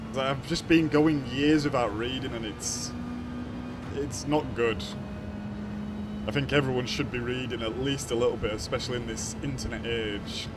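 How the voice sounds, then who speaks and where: A young man chatting casually with his live-stream viewers, greeting them by name and laughing often. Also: medium pitch. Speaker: racing game streamer. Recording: racing car game noise behind. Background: engine noise from the racing game.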